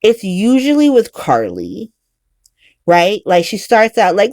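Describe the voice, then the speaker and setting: A woman's voice: mid-range voice, big pitch swings, normal speed, a little mellow, no room sound, studio quality. A woman casually recapping a soap opera as host, blunt and profane, acting out the characters' lines.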